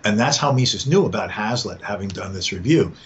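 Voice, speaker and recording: A low-pitched man talks in a relaxed podcast conversation and stumbles over repeated words while he thinks. The sound is dull and lo-fi. A faint hiss of noise runs under it. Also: fairly quick. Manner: thoughtful, repeats words as he gathers thoughts. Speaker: podcast guest.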